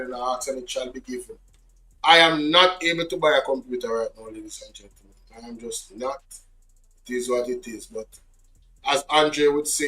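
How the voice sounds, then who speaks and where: A man's voice: mid-range voice, sharp tone, recorded from a distance, low-quality recording. A Jamaican man hosting his channel, chatting casually and switching between patois and English. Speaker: channel host. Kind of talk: casual commentary.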